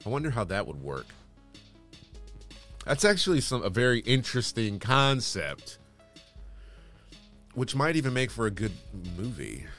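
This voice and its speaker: A man's voice: fairly low pitch, fairly bright tone. A man hosting casual news commentary, reading headlines aloud and adding sarcastic, dismissive asides.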